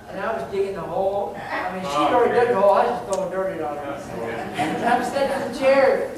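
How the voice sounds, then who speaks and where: A man's voice: sits high, expressive, a little fast, hardly any pauses, crowd noise. A middle-aged man, a pastor, telling rambling, laughing anecdotes during a sermon. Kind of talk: sermon storytelling. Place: church sanctuary. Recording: very echoey, distant mic, noisy.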